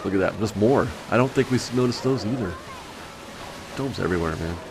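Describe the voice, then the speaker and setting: A man hosting a vlog, talking casually over footage with a raspy, hoarse voice and a chatty, rambling manner full of fillers. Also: lowish voice, expressive, brisk, noisy background. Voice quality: raspy, recovering from illness. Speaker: vlog host.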